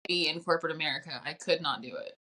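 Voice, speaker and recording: A woman around thirty co-hosting a podcast in casual chat, animated, swearing casually and acting out the voices she quotes. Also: low-pitched, fast. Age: 30s. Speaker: podcast co-host.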